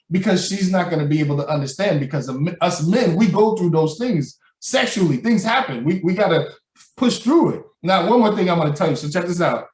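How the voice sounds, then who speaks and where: Man, casual podcast chat, slightly high voice, echoey room, a little off mic. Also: brisk, recorded from a distance. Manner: animated, acts out quoted voices, laughs loudly. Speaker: podcast co-host.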